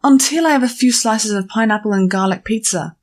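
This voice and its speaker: A woman's voice: fairly high pitch, brisk, natural voice. A woman voicing a playful, cheeky young mare pony who teases her friend in an audiobook. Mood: teasing. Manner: breezy, teasing, feigned innocence. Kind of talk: audiobook character voice.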